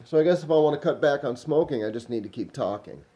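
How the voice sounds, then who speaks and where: Rambling man with a mellow voice. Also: medium pitch, expressive, fast talker, muffled recording. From Minnesota. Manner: meandering, smoking while talking, trailing off. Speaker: vlogger. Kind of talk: rambling casual monologue.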